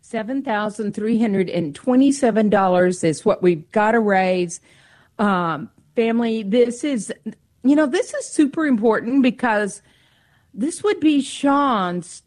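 A woman's voice: mid-range voice, expressive, a little slow, darkish tone, no room sound, clean studio sound. A woman co-hosting a radio fundraiser, playful and teasing, enthusiastically urging listeners to give. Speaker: radio co-host. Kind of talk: radio pledge drive appeal.

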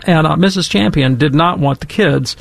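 A man telling a story and giving commentary in a casual, animated, emphatic way. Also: a little high, normal speed, creaky, dry recording. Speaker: guest commentator.

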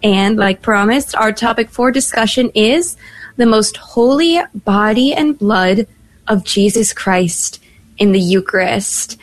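A young woman with a mid-range voice hosts a live Catholic radio talk show. She's chatty and laughs at times, slowing down to read out phone numbers.

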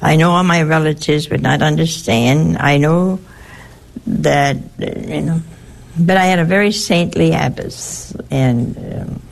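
An older woman, a nun, telling a personal story in a halting way, repeating words and adding chatty asides. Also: deep voice, gravelly.

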